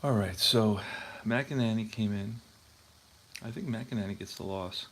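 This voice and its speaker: A man's voice: lowish voice, unhurried, a bit bright. A man hosting a tabletop baseball replay, chatting casually and thinking aloud as he checks scorebooks. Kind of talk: casual talk while playing.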